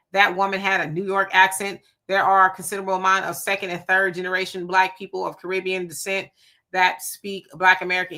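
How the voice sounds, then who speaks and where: Southern california woman doing a live chat, reads comments, sassy and lively, kinda bright sharp voice. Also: lowish voice. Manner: animated, sassy, reacts with laughs and asides. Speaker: livestream host reading viewer comments. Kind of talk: casual live-stream chat.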